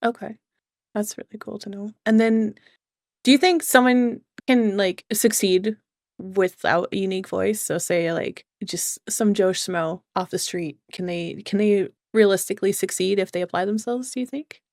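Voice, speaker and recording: A woman hosting an interview in a relaxed way, asking questions with many "like" fillers. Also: mid-range voice, normal speed, dry recording, clean studio sound. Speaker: host and VTuber. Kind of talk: casual interview chat.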